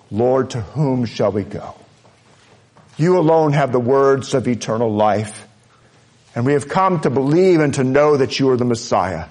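A man's voice: medium pitch, darkish tone, slightly rough. Man preaching an earnest sermon. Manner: earnest, emphatic preaching with repeated phrases. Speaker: pastor.

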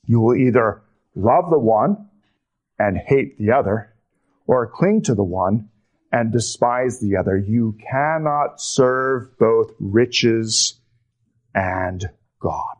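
A man preaching a sermon slowly and emphatically, his voice dropping low on key words. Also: lively intonation. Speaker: pastor.

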